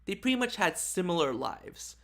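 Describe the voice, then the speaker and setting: A man's voice: sits high, big pitch swings, normal speed, gravelly, fairly bright tone. A man giving casual, rambling video commentary with many fillers and restarts. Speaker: YouTube commentator.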